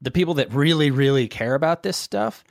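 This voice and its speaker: A man's voice: on the high side, animated, a little fast, vocal fry, dry recording, studio quality. A man co-hosting a podcast, explaining technology in loose, casual talk full of fillers. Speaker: podcast co-host. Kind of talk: casual tech chat.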